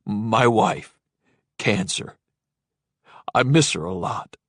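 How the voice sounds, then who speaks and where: Gentle scared trucker guy, done by a man reading, lowish soft pleading voice, dry sound. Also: lively intonation, slow pace, slightly rough, dry recording, exaggerated voice. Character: kindly middle-aged male trucker, gentle and frightened.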